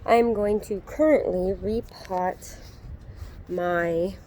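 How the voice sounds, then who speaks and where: A woman in her thirties giving a relaxed, casual tour of her backyard garden, with frequent ums, recorded on a handheld phone outdoors. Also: mid-range voice, extremely slow, a little hiss or hum. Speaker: gardening vlogger.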